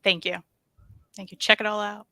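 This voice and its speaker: A woman co-hosting a casual livestream, teasing her partner playfully and laughing quickly. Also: medium pitch, little pitch movement, pushed and bright, no room sound. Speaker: co-host. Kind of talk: casual chat.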